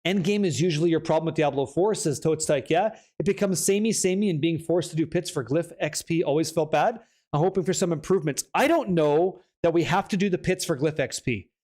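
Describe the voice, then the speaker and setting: A man's voice: on the high side, fairly quick, few pauses, darkish tone. A young man hosting a live stream, reading chat aloud and joking in a casual, hyped way with some swearing. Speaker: streamer host.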